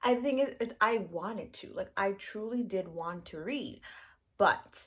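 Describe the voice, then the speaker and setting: A woman's voice: mid-range voice, unhurried. A young woman vlogging about books in a chatty, gushing way, full of fillers and acted-out reactions. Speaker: book vlogger. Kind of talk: casual chat.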